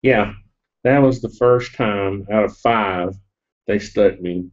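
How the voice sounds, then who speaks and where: Middle-aged man, low voice, sniffly, rambling and joking; dull lo-fi webcam sound. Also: takes it slowly. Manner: rambling and jokey, with fillers and laughs. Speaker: live-stream vlogger. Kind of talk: casual storytelling to a live audience.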